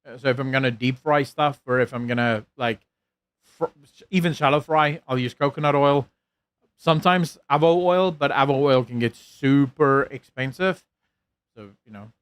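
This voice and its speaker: A man's voice: medium pitch, normal speed, smooth, no room sound. A man from South Africa with an American-leaning South African accent, chatting casually on a live stream, rambling and self-deprecating, with lots of fillers and restarts. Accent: South African with an American-leaning lilt. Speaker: streamer reading chat.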